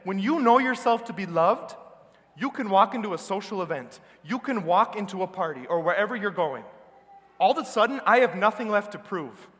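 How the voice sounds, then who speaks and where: A man with an American accent preaching a sermon as a priest, earnest and emphatic, slowing down on key words. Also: high voice, expressive, a bit bright. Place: large church. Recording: reverberant church hall.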